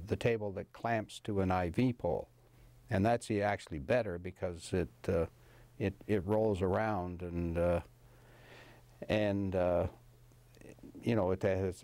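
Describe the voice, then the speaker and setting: An older man speaks in a lowish, unhurried voice, searching for words with plenty of fillers and restarts. The recording is close and dry, with no room sound around him. He chuckles now and then as he recalls things. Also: dark tone, no echo. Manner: rambling, hesitant with many fillers and restarts, chuckling. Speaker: professor of anesthesiology, guest. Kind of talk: casual interview recollection.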